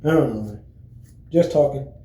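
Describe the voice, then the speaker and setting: A man talking casually to his viewers in a relaxed, rambling way, full of fillers and restarts. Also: mid-range voice, normal speed, echoey room, poor audio. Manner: relaxed, friendly greetings. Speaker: vlogger. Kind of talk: casual chat to camera.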